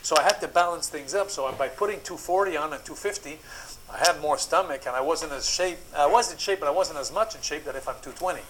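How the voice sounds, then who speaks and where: Animated man telling wrestling stories. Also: fairly high pitch, quick pace, a little hiss or hum, poor audio. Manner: animated anecdotes, acts out quotes. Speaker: guest, former wrestler. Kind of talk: casual storytelling on a podcast.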